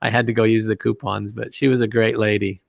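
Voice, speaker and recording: A middle-aged man, an interview guest, telling family anecdotes in a relaxed, rambling way with many fillers. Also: lowish voice, fast, gravelly, no echo. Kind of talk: anecdotal storytelling.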